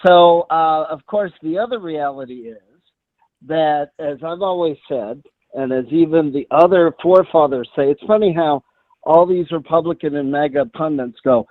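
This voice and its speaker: A man's voice: a little high, normal speed, no room sound. A man calling in to a talk show, rambling on indignantly about the news. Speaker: caller. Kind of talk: call-in commentary. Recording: tinny phone line.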